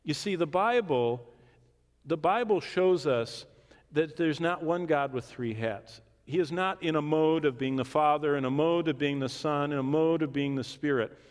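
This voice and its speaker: A man teaching the Bible in a question-and-answer session, swinging from emphatic declarations to hushed asides. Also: on the high side. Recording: long reverb of a large hall.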